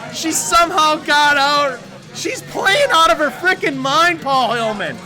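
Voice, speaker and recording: A man casting a live tournament game, shouting in hyped excitement, with a cheering crowd and music behind him. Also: very high-pitched, a little slow. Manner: shouting, hyped, loud exclamations. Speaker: esports caster.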